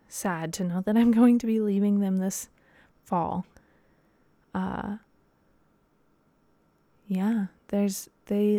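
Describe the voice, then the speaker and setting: A woman's voice: medium pitch, dark tone, no echo. A young woman hosting a casual solo podcast, talking in a rambling, chatty way with lots of fillers. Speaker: podcast host and dance teacher.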